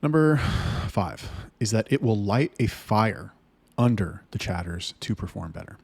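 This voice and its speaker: A man's voice: lowish voice, animated, unhurried, darkish tone, slightly rough, no room sound. A man talking to camera about managing his sales staff, blunt and heated, swearing often. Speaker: business owner talking to camera. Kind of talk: casual rant to camera.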